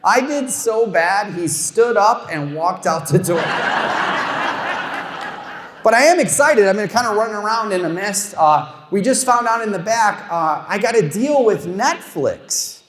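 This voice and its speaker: A middle-aged man with a high-pitched voice does stand-up on a comedy stage before a live audience, speaking a little slowly. He tells animated, self-mocking stories with punchlines at his own expense and chats with the crowd. The hall is echoey with long reverb.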